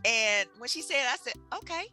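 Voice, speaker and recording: A woman's voice: sits high, lively intonation, normal speed, sharp tone, soft background music. A woman with a Southern US accent, a guest author telling stories in a casual chat, acting out voices and laughing often. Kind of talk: animated storytelling in casual chat.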